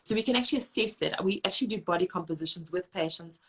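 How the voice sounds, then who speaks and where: A woman dietitian, giving brisk, practical advice in lists during a live online Q&A. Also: fairly low pitch, fairly bright tone, breathy edge. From South Africa. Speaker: registered dietitian.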